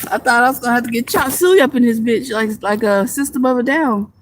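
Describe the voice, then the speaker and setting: A woman's voice: fairly high pitch, brisk, a little hiss or hum. A young woman with a Southern country twang chatting playfully with viewers on a livestream, laughing often and swearing casually. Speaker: livestream vlogger.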